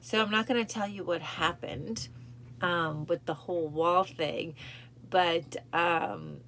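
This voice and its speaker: A woman hosts a cancer support show, talking casually and emotionally to camera in a steady, slightly bright voice at a slow pace. She repeats phrases and acts out film lines with rising pitch, with slight background noise.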